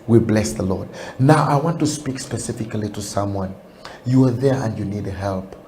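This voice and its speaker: A man's voice: on the low side, a little hiss or hum. A man preaching and praying earnestly on a television broadcast, often repeating his words. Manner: earnest, repeats words, rises loud and excited toward the song. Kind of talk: sermon and prayer. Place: TV studio.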